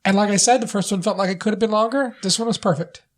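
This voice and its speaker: Man, podcast co-host; casual, halting delivery full of fillers. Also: high-pitched. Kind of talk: casual movie review chat.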